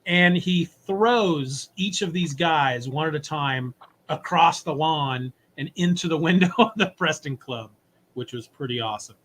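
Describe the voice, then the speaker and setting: A man co-hosting a podcast, casually and animatedly retelling a comic story and briefly acting out its characters. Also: a little high. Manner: animated retelling, voices characters in quick asides. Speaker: podcast co-host. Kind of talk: casual comic recap chat.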